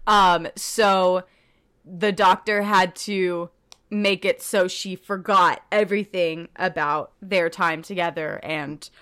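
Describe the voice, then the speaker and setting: A woman's voice: lowish voice, fairly even intonation, takes it slowly, fairly bright tone, clean tone. A woman co-hosting a podcast in casual chat, recapping an episode at length and laughing often as she goes. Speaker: podcast co-host.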